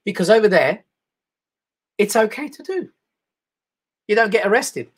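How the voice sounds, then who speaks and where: A man's voice: sits high, expressive, moderate pace, long pauses. A middle-aged man with an English accent doing casual, rambling live stand-up comedy to an online audience. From England. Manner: chatty, rambling, mimics voices.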